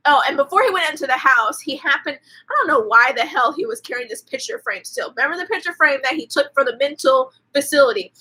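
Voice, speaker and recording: A woman's voice: high voice, lively intonation, fast talker, pushed and bright, rough recording. A woman hosting a casual live movie recap, chatty and profane, with lots of "like" fillers. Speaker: host.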